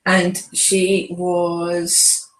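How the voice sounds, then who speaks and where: A woman's voice: on the low side, completely flat delivery, extremely slow. A woman host chatting casually, telling stories and repeating words while she gathers her thoughts. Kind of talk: casual chat. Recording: distant mic in an echoey room with faint ambience.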